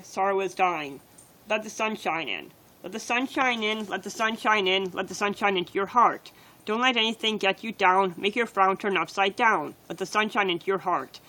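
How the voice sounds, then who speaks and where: A woman's voice: mid-range voice, fairly bright tone, low-quality recording. A woman reading her own poems on a livestream, in plain and earnest short sentences.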